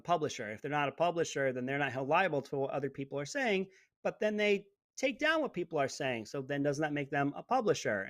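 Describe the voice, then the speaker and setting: A middle-aged man hosts a live stream from his home studio and keeps talking to his viewers. His voice sits fairly high for a man and the sound is close and dry. He gets sarcastic and swings between loud and quiet. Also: dry recording. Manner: animated, talks to viewers in the chat. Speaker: livestream host. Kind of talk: casual live-stream commentary.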